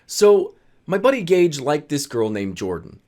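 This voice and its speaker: A young man casually telling funny stories from his high school days, acting out what his friends said and laughing as he goes. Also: unhurried. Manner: animated, laughs while telling, acts out friends' lines. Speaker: storyteller vlogger. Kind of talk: casual storytelling.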